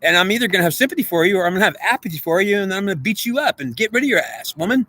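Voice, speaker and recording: Very fast and high-pitched, his voice bright, pushed, and expressive, a man speaks directly to an unseen goddess. The monologue is rambling and emotional, full of agitated, repetitive pleading.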